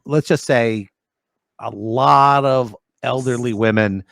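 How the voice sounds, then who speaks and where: A man's voice: mid-range voice, takes it slowly, fairly bright tone, no room sound, clean studio sound. A man co-hosting a comedy radio show, wry and dramatic in casual chat. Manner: wry, dramatic, swings voice for quotes. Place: radio studio.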